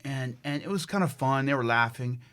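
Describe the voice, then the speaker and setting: A man's voice: mid-range voice, brisk, a bit bright. A middle-aged man from the United States, a fitness trainer who is a guest on a podcast. He tells a story animatedly and emphatically, with many restarts. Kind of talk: conversational storytelling.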